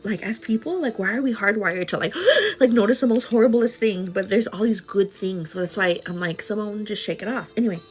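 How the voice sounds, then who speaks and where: A woman chatting casually with her livestream viewers over breakfast at home, animated and calling them "girl". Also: mid-range voice, brisk, few pauses, husky, faint music behind. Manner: greets viewers by name mid-story. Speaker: livestream host. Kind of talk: casual chat while eating breakfast.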